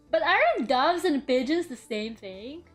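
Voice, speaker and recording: Young woman, high voice, chatty art streamer, faint music underneath. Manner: chatty, playful, mutters while working, sudden dramatic shrieks. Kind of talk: casual live-stream chat while drawing.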